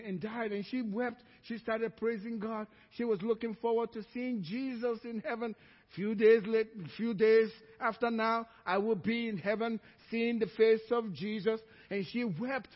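A male pastor delivering a sermon, telling a story with lively acted-out voices. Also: high voice, long reverb tail, highs cut off. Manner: animated storytelling, acting out voices.

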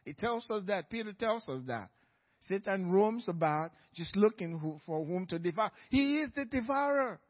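A man preaching a sermon as pastor, moving from quiet storytelling to loud, fervent exhortation. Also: sits high, expressive, normal speed. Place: church sanctuary. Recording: church hall reverb, dull lo-fi sound.

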